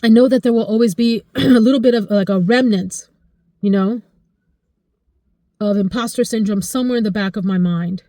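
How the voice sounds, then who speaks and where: A woman in her forties chatting casually to camera about her life, expressive and emotional, her voice jumping high when she gets excited. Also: normal speed, dry recording, clean studio sound. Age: 40s. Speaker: vlogger.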